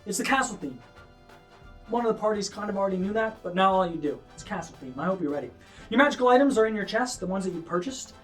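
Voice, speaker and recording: A man's voice: sits high, animated, quick pace, faint music behind. A man voicing a flamboyant male game-show host of a dungeon arena, with showy, offhand announcer patter. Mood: breezy announcing.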